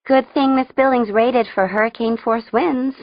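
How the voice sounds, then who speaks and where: A woman voicing an excitable, chatty teenage girl in an audiobook. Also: fairly high pitch, moderate pace, no room sound, dull audio, voice pushed up, lightly acted. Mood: nervous.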